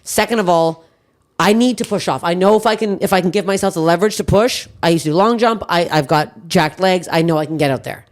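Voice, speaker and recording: A woman's voice: on the low side, fast talker. Brash, profane woman from Canada. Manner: brash, profane, animated storyteller who acts out other people. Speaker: comedian and podcast host. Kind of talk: casual podcast chat, storytelling.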